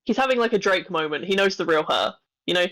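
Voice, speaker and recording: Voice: medium pitch, expressive, quick pace, fairly bright tone, no echo, rough recording. A podcast co-host chatting casually and teasing the other host playfully. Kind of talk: casual chat.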